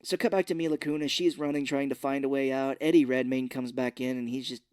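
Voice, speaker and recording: A man's voice: mid-range voice, steady tone, a little mellow, clear, resonant tone, dry recording, clean studio sound. A man co-hosting a podcast, loosely and profanely recapping a movie's plot in casual chat. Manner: loose, profane retelling with quick acted quotes. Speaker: podcast co-host.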